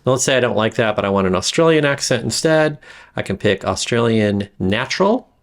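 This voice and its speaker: A man giving a casual screen-recorded software tutorial, rambling with frequent fillers and restarts. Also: medium pitch, expressive, fairly quick. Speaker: instructor demonstrating software.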